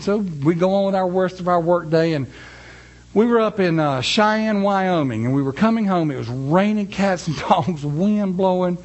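Speaking as a preacher to his flock, a man with a fairly high voice lingers over each phrase of scripture, then slides into a relaxed, folksy story.

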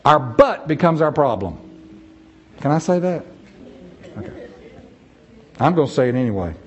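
Lively high-voiced male preacher. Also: normal speed, highs cut off. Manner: animated, acts out quoted voices. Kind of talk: sermon.

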